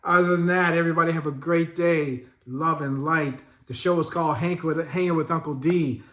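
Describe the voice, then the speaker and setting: Profane, animated man telling a story. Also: fairly high pitch, normal speed, a little hiss or hum. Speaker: vlog host telling a story. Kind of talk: casual storytelling. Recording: echoey room.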